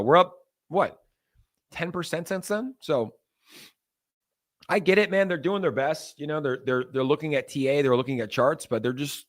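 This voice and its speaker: A young man hosting a crypto livestream, talking to viewers in a loose, animated, ranting way. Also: a little high, normal speed, pauses often. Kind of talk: casual livestream talk.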